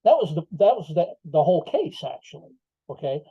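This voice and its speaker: A man's voice: fairly high pitch, big pitch swings, fairly quick, slightly rough, dry recording. An older man, a podcast guest, telling his story emphatically with rhetorical asides. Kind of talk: interview storytelling. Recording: slightly dull lo-fi audio.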